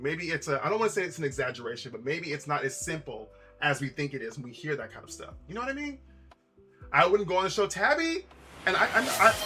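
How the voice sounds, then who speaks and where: A man's voice: on the high side, sharp tone. A man chatting casually on a live stream, rambling with lots of repeats and asides to his chat.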